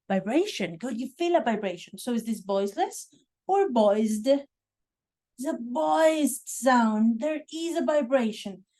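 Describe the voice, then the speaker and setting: A woman with a fairly high voice leads a classroom pronunciation lesson. She speaks slowly and with care, repeating sounds and praising her students warmly. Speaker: English pronunciation teacher.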